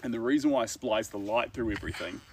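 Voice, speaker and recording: A man's voice: medium pitch, fast talker, a little mellow, slight background noise. A man with a New Zealand accent chatting casually and rambling with filler words while he paints. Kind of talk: casual chat. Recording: distant mic, faint outdoor ambience.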